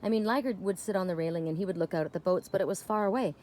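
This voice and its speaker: A woman chatting casually on her home deck, expressive and talking to her pets between thoughts. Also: lowish voice, racing. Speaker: spiritual vlogger. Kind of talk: casual chat.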